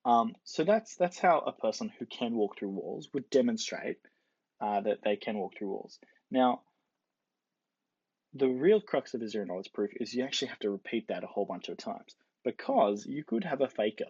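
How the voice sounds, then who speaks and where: A man's voice: medium pitch, expressive, normal speed, darkish tone, breathy edge, dry recording. A man giving a casual explanatory lecture, playfully acting out the quoted characters. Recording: dull lo-fi dry recording.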